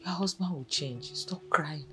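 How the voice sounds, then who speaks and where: A lower-pitched, motherly village woman soothes gently, with soft coaxing tags between phrases. Faint film music plays under her. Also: measured pace. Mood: soothing. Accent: Nigerian. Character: kind motherly older village woman, comforting.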